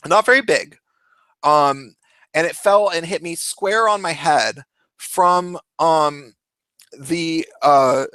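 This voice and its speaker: A young man telling a story in a casual, animated way, laughing often and swearing. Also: fairly high pitch, no room sound. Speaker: vlogger.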